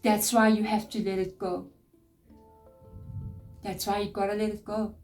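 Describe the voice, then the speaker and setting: A middle-aged woman tarot reader speaking in a mellow, warm voice, coaching earnestly and repeating her points for emphasis. She sits back from the mic, and soft music plays faintly behind her. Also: mid-range voice, flat delivery, unhurried, recorded from a distance, low-quality recording. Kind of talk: spiritual advice talk.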